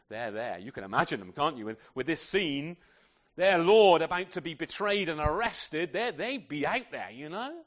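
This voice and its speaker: A man's voice: on the high side, big pitch swings, moderate pace, fairly bright tone. A man preaching a sermon, emphatic and full of rhetorical questions, sometimes speaking to the children. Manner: addresses children in the congregation.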